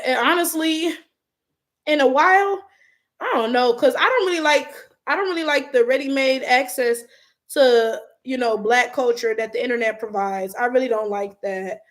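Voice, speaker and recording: A young woman from Detroit with an African American Vernacular accent, talking bluntly and profanely while reading viewer comments as a YouTube host. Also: a little high. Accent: African American Vernacular English, Detroit. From Detroit, USA. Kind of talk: casual livestream commentary.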